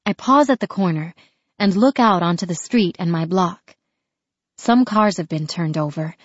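A woman's voice: lowish voice, moderate pace, slightly rough, no echo. Woman narrator, tense first-person audiobook read, dry close mic, slightly dull lo-fi sound. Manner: tense, dramatic storytelling.

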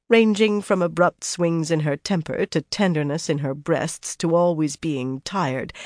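Measured audiobook narrator, dry sound. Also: medium pitch, no echo. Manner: measured, even storytelling. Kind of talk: audiobook narration of a fantasy novel.

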